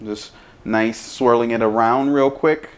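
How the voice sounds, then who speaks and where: A man's voice: mid-range voice, a little hiss or hum. A man hosting a casual cooking demo and taste test, humming over each bite and talking with his mouth full. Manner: talks with mouth full, lots of savoring hums; slow, relaxed delivery. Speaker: chef, cooking show host.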